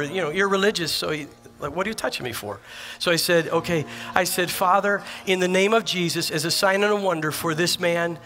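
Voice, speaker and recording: The preacher's voice is high-pitched and sharp as he gives a sermon in a church sanctuary. Earnest and emphatic, he tells personal stories and keeps coming back to repeated phrases.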